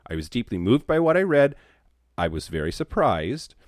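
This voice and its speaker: A man's voice: medium pitch, big pitch swings, normal speed, no echo, clean studio sound. A young adult man co-hosting a podcast in casual, joking chat, swearing freely and trailing off mid-sentence. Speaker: podcast co-host.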